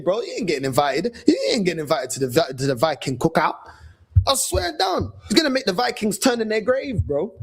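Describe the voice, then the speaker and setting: Lively, high-pitched London man ranting. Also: creaky, slightly rough. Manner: animated, slangy, mocking. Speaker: fan channel host. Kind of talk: casual rant.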